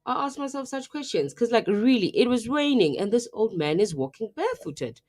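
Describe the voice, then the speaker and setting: A young South African woman co-hosting a live radio show, chatting and telling stories in a lively, casual way. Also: on the high side, brisk. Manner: chatty, animated storytelling, mixing in local phrases. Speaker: radio co-host.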